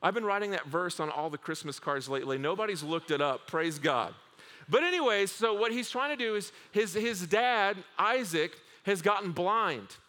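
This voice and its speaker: Male pastor, high bright voice, animated joking sermon, reverberant hall. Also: normal speed. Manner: humorous, animated storytelling with acted asides.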